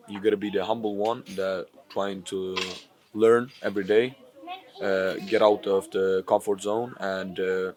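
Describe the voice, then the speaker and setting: Earnest, low-voiced fighter with halting speech. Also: male voice. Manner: earnest, hesitant, with many "uh" fillers. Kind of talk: casual interview answer. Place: fight gym.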